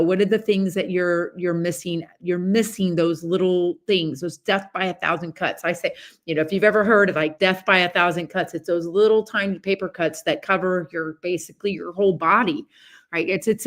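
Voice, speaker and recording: A middle-aged woman hosting a podcast, talking in a chatty, animated way with many asides and restarts as she gives a casual motivational talk. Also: fairly low pitch, normal speed. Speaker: podcast host.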